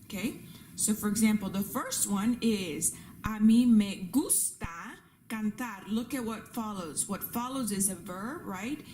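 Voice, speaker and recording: A Spanish teacher with a medium-pitched, darkish voice gives a classroom lesson with slides at a measured pace. She patiently repeats rules and examples and checks in with her students, over slight background noise.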